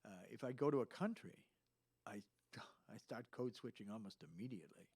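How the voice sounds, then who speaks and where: A man's voice: medium pitch, animated, a little fast, a little mellow, slightly rough. A man hosting a casual chat, telling rambling anecdotes. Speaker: host.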